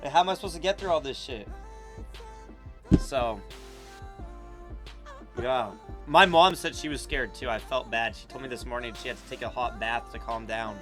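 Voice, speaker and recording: A man's voice: mid-range voice, normal speed, long pauses, fairly bright tone, soft background music. A young American man streaming, chatting casually and reacting with loose slang, frequent swearing and laughs. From United States.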